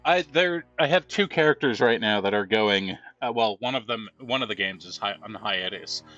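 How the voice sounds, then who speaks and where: Bright-voiced chatty man, gameplay commentary. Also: fairly low pitch, animated, moderate pace, dull audio, faint music behind. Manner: rambling, chatty storytelling with laughs. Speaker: gameplay streamer.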